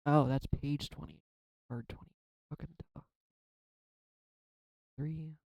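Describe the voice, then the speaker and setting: A man's voice: on the high side, fairly even intonation, slow, darkish tone, no echo, rough recording. A man in a casual spiritual vlog, pulling and reading oracle cards, talking in a reflective and rambling way, emotional and swearing now and then. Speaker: tarot card reader.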